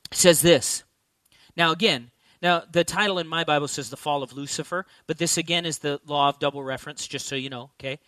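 High-voiced, bright male preacher. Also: no room sound. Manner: emphatic, asks the congregation rhetorical questions; repeats key lines for emphasis. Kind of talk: sermon.

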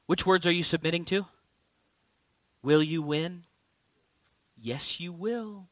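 A man's voice: a little high, slow, dry recording. A man preaching a sermon, emphatic, repeating key lines and asking the congregation rhetorical questions.

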